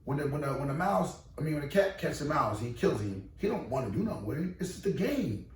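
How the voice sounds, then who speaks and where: A man who owns and runs a boxing gym, talking casually in a podcast interview, emphatic and animated with many repeated restarts. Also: on the high side, fast talker. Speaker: boxing gym owner and trainer. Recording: echoey room, distant mic, faint noise.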